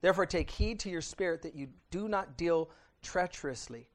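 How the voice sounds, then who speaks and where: A middle-aged man preaching a midweek sermon and reading scripture aloud, conversational, often asking his congregation "right?", swinging between loud emphasis and quiet intensity. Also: on the high side, moderate pace. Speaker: pastor.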